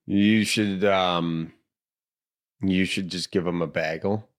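Deep-voiced laid-back man chatting. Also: steady tone, slow pace. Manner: laid-back, rambling, lots of fillers. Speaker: podcast co-host. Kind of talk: casual chat.

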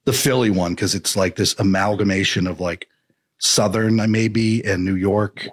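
A man's voice: lowish voice, steady tone, normal speed, breathy edge. A man chatting casually as a podcast co-host, rambling and playful. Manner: rambling, playful, slips into mock accents. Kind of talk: casual chat.

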